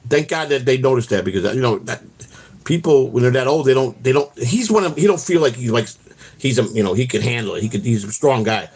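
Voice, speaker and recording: A man with a husky, slightly breathy voice at an everyday middle pitch tells loose, rambling stories as he walks outdoors. He swears freely, restarts his sentences often and keeps dropping in "man" and "you know". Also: a little fast, a little mellow. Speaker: vlog host. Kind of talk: rambling casual storytelling while out walking. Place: outdoors on a walk.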